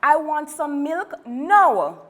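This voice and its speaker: A woman voicing a bratty little girl with bad manners, shrill and defiant. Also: animated, takes it slowly, a little mellow. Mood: demanding.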